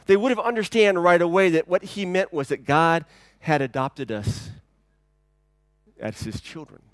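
Male pastor preaching a sermon, conversational, shifts from loud emphasis to near-whispers; a bit high-pitched, dry sound. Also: a little slow, no echo. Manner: conversational and dynamic, swinging from loud to hushed.

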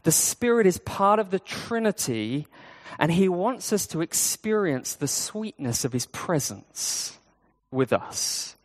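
A man's voice: sits high, big pitch swings, slow pace, big-room sound. A man preaching a sermon in an easygoing, conversational way, with fillers and restarts. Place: church.

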